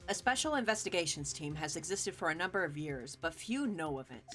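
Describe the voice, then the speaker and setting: Brief: woman playing a composed English-accented male prosecutor, low, measured, formal, faint music. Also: expressive, a bit bright. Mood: grave. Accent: put-on English. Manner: formal, grave.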